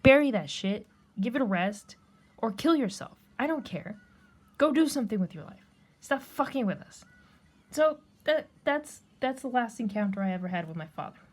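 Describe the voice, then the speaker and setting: A woman's voice: on the high side, expressive, normal speed. Blunt, profane woman telling a story. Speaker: vlogger. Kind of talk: personal storytelling rant.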